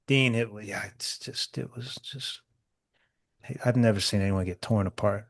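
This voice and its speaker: A man's voice: on the low side, moderate pace, no room sound, clean studio sound. A man with a slight Southern drawl, co-hosting a podcast in a rambling, emphatic way with frequent swearing. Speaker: podcast co-host. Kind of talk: casual podcast banter.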